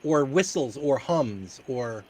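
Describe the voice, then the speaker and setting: A man's voice: mid-range voice, expressive, slow, a little mellow. A man hosting a casual chat show, telling stories in a rambling way with casual swearing. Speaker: host.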